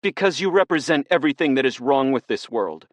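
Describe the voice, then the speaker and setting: A man's voice: mid-range voice, expressive, a little fast, dry recording, voice pushed up, natural voice. A man reading an audiobook, voicing a bitter young woman who seethes with hate and menace. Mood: bitter fury.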